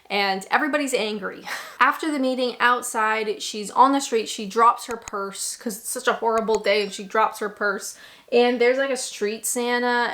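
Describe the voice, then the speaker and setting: Slightly high and a bit bright, this young Canadian woman's voice carries her casual recap of a bad movie. As a movie reaction host, she tosses in sarcastic remarks and laughs.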